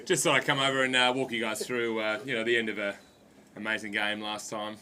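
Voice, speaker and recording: A man's voice: on the low side, steady tone, brisk, pushed and bright. A man chatting as a guest commentator at a cricket match, rambling and laughing at himself. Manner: chatty, self-deprecating, laughs a lot. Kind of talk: casual chat in a commentary box.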